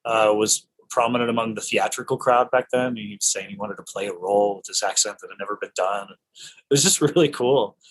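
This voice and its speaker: A middle-aged man from Idaho, an actor telling stories in an interview, enthusiastic and animated with frequent restarts. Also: on the low side, fairly quick, poor audio. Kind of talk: casual storytelling in an interview.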